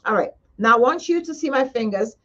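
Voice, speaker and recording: A woman's voice: fairly high pitch, expressive, a little fast, pushed and bright. A woman esthetician giving a casual live demonstration, chatty and coaxing, talking straight to her viewers. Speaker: esthetician demonstrating face massage. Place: skincare studio. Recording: slightly dull lo-fi sound.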